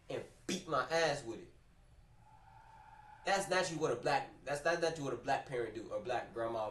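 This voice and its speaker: A man's voice: medium pitch, brisk, recorded from a distance. Male streamer, casual storytime, slangy and repetitive, roomy echo, sits back from the mic. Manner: animated, slangy, repeats phrases.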